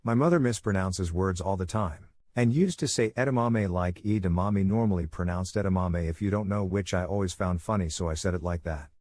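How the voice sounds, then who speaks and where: A man narrating a string of online comments in a steady scripted read. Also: low voice. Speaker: narrator reading reddit comments.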